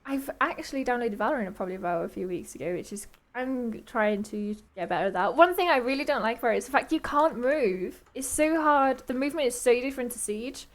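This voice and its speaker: A woman's voice: on the high side, animated, a little fast, few pauses. A young woman casting esports, making casual chat between games with frequent giggles. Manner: chatty, giggly, trailing off. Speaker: esports caster.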